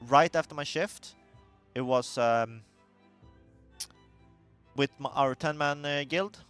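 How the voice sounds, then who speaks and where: A man's voice: a little high, slow, fairly bright tone, clear, resonant tone, faint music behind. A man chatting casually on a livestream, telling a rambling story with many fillers. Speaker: raider on a livestream. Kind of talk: casual chat.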